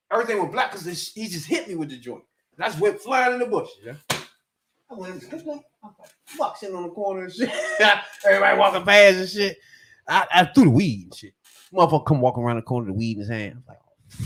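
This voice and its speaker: Podcast host, DC man, high lively voice, laughs through his stories, acts out the voices. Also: fast talker, slight background noise. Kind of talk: casual storytelling chat.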